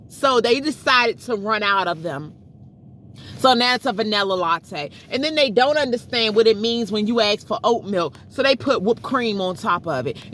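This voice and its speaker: A middle-aged woman vlogs from her phone in a parked car. Her voice is bright and sits a little high, and faint vehicle noise hums underneath. She vents in a chatty, exasperated way and keeps turning to her viewers as y'all. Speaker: vlogger. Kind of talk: casual storytelling vlog.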